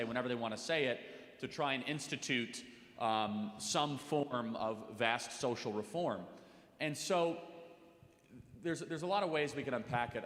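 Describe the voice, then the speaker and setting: A man speaking on a panel at a live event, talking urgently and rising to forceful emphasis. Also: medium pitch. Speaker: talk radio host on a panel. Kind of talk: impassioned panel speech. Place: large hall with audience. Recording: echoey hall reverb.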